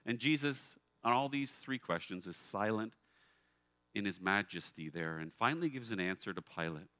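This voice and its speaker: A male pastor delivering a sermon in a church. His voice is bright and ringing, recorded close and dry, and he preaches in an expressive, emphatic way full of rhetorical questions. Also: on the low side, moderate pace, dry recording.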